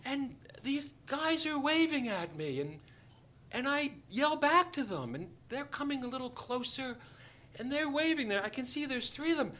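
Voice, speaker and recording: A man's voice: very high-pitched, very animated, normal speed, sharp tone, a little hiss or hum. A man telling a funny personal story to a live audience, wry and self-deprecating as he acts out the scenes. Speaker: doctor and storyteller.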